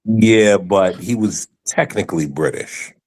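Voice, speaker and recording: A low-pitched man talking loosely in a podcast chat. He stumbles and restarts his sentences, then leans hard into his points. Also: unhurried, darkish tone, breathy edge, low-quality recording. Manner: stammering restarts, emphatic. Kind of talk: casual podcast banter.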